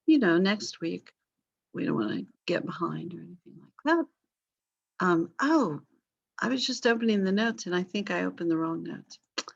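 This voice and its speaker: A woman with a medium-pitched, slightly bright voice and vocal fry teaches a history class online. She's casual and apologetic, using lots of fillers, and the call audio is slightly dull and lo-fi.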